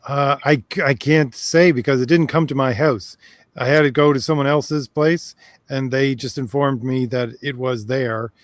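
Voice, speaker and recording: Man from Canada, easygoing, laughs often, mid pitch, dry close sound. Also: fairly even intonation, moderate pace, dry recording. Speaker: podcast co-host. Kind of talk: casual chat over a video call.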